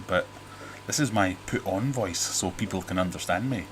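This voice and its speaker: At normal speed, a low-pitched middle-aged British man hosts a relaxed livestream from his home fish room, background noise present. He reads out what viewers write, wanders off on jokey tangents, and interrupts himself to restart.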